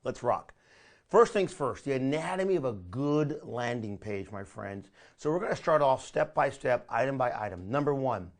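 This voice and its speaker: A man teaching a live online marketing training, energetic and coaching, often calling his listeners "my friend". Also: medium pitch.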